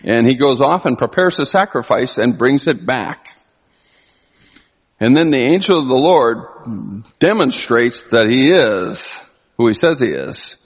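A man preaching a sermon, animated, often acting out the people he quotes. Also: medium pitch, breathy edge. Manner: animated, acts out quoted voices. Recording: long hall reverb.

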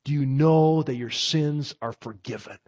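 A man delivers a sermon at a slow, deliberate pace, pressing hard on the key phrases. His voice sits a little high for a man. The recording is dull and lo-fi. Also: darkish tone, no echo. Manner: slow, emphatic preaching with swelling emphasis. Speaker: preacher.

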